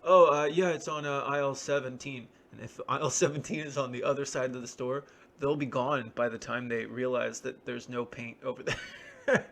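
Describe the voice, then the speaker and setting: A man's voice: mid-range voice, vocal fry, a bit bright. A man talking in a rambling, wry, self-deprecating solo monologue. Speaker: vlogger.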